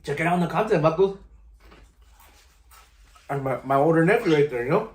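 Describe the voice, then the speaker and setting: A man's voice: fairly high pitch, lively intonation, a little fast, reverberant. A middle-aged man, telling stories casually to camera in a laid-back, slangy way. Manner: laid-back, slangy, keeps saying "you know" and "vato". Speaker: vlogger.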